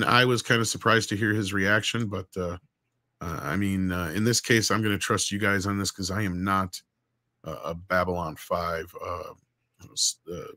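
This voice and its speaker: A man's voice: sits low, no echo, clean studio sound. A man hosting a live-stream podcast, reading viewer messages and arguing box office numbers in an emphatic, casual way. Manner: emphatic, argumentative, animated. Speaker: podcast host reading superchats.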